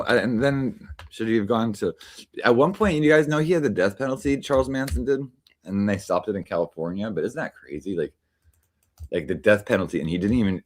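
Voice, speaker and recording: Rambling male streamer talking to chat. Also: on the low side. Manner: rambling, with many fillers and restarts. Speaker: livestream host. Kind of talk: casual chat to a live audience.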